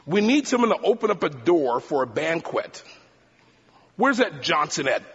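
A man's voice: a little high, very animated, moderate pace, fairly bright tone, slightly rough, lo-fi sound, exaggerated voice. A man voicing a brusque military sergeant giving orders.

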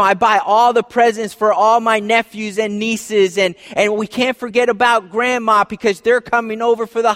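A man preaching a sermon as pastor, conversational, dropping soft and low for emphasis. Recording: long hall reverb.

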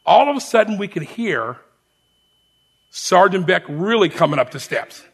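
A man preaching a testimony as a lively story, speaking to the congregation as friends. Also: high voice, normal speed, vocal fry, breathy edge. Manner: animated storyteller, shouts the sergeant's lines. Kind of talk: sermon storytelling.

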